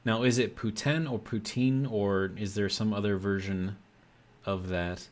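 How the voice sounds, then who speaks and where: A man's voice: lowish voice, fairly even intonation, moderate pace. An American man chatting casually on a live stream, rambling with lots of fillers while he reads out chat messages. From United States.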